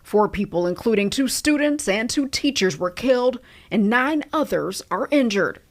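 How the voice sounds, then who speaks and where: Higher-voiced woman reading news narration. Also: expressive. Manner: measured, formal delivery. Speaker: news reporter.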